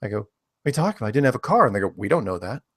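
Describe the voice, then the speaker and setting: A man's voice: lowish voice, very animated, rapid-fire, no echo. Man telling a rambling story, dry sound. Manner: rambling storyteller, repeats words. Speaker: guest. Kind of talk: casual chat.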